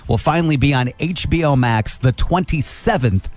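A man's voice: a little high, moderate pace. A man hosting a morning radio show, chatting jokily about showbiz news. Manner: playful, jokey, does silly quoted voices. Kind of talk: casual showbiz news chat.

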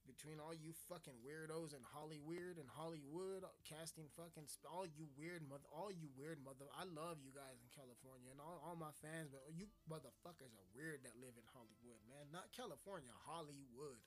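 A man rants in a crude, profane, mock-offensive way, as if daring the listener to take offense. His voice sits a little high for a man. Faint music plays under him. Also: brisk, few pauses. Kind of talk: profane comedic rant.

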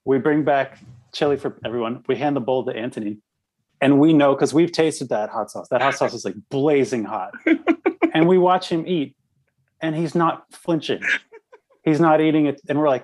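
A man on a podcast casually telling a funny story about his old band, animated and laughing as he goes. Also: mid-range voice, moderate pace, rough recording. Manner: animated, laughing through anecdotes. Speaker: podcast guest, former band member.

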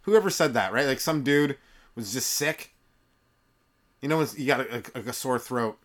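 A young man with a hoarse voice, hosting a casual comedy podcast and riffing jokes with loose fillers and restarts, recorded in a yurt. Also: medium pitch, moderate pace. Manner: jokey, animated, lots of fillers and restarts. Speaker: podcast host and stand-up comedian. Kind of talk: casual rambling comedy monologue. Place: yurt on a rural property.

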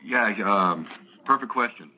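A man's voice: lowish voice, lively intonation, measured pace, bright, forceful tone, muffled recording, slight background noise. A man hosting a podcast, encouraging his guest with short prompts. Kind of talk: casual podcast chat.

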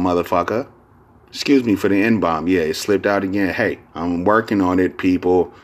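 A man's voice: low voice, normal speed. A man hosting a casual solo podcast, talking in a rambling, profane way full of fillers and restarts. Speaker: podcast host.

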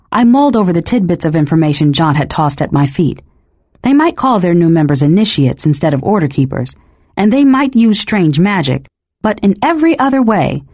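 A woman reading a novel aloud as first-person narration, measured and expressive. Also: fairly low pitch, dry recording. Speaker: audiobook narrator.

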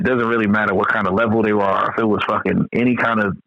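A man chatting casually on a podcast, heated and emphatic with lots of swearing. His voice sits at an ordinary pitch. The recording is dry and a little dull. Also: steady tone, fast, gravelly, no echo. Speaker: podcast co-host. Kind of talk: casual profane chat.

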